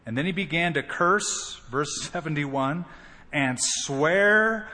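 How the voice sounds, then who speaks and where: Here the pastor speaks a little slowly in a slightly high voice, dramatizing the quoted lines of the story he preaches. Long hall reverb surrounds his expressive sermon.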